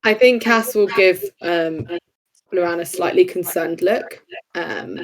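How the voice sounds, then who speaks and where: A woman playing a tabletop game, speaking hesitantly with many pauses and ums. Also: on the low side, crowd noise, poor audio. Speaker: player. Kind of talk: casual tabletop play, in character.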